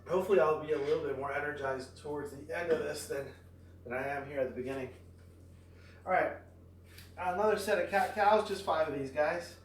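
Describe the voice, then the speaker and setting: A tired man talks through his stretches in a relaxed, rambling way, full of ums and uhs. His voice sits a bit high for a man. It sounds roomy and echoey, and he is some way off from the mic. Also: fairly quick, distant mic, slight background noise. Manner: relaxed, rambling, many fillers. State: tired after exercise. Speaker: fitness vlogger. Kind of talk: casual exercise vlog. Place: at home near a backyard.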